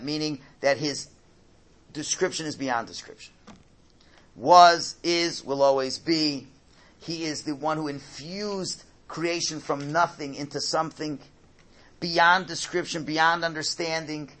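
A man teaching a religious class, explaining slowly, repeating his key points, and often checking in with "right?". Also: fairly high pitch, bright, forceful tone. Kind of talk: classroom Torah lesson.

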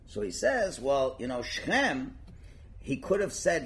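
Animated man telling a story with lively pitch. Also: moderate pace, creaky. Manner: animated, acting out characters, frequent fillers. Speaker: storyteller and teacher. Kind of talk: casual spoken storytelling lesson.

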